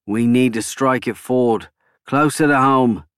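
A man's voice: mid-range voice, unhurried, fairly bright tone, clean tone, no echo, studio quality, natural voice. A man voicing a scheming, rotund male prime minister who talks with intensity and insistence. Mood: insistent.

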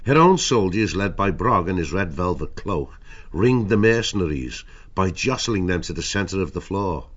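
Deep-voiced male narrator for an audiobook; steady, measured storytelling, lo-fi sound. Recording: dull lo-fi audio.

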